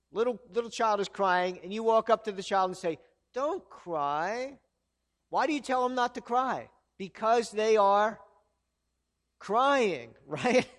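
A man with a high voice preaches a sermon. He keeps it earnest and conversational and often asks the congregation rhetorical questions. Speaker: pastor.

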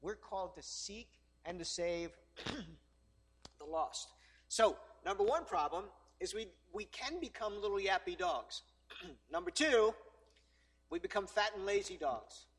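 A man's voice: sits high, big pitch swings, slow pace, pauses often, a bit bright, breathy edge. A male pastor preaching a conversational, joking sermon in church, often checking in with the congregation with 'all right?'.

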